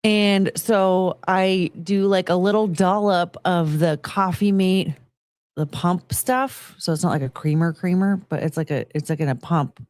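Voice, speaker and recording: A woman's voice: lowish voice, steady tone, unhurried, darkish tone, dry recording. Woman streamer just rambling at her desk mic, self-deprecating, dry close sound. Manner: rambling, self-mocking, greets chat in a sing-song lift. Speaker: live streamer. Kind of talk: casual live-stream chat.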